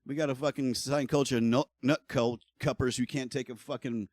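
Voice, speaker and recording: A man's voice: mid-range voice, fairly even intonation, quick pace, few pauses, a little mellow, no room sound. A middle-aged man streaming live, talking casually and bluntly, ranting heatedly and swearing a lot. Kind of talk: casual livestream talk.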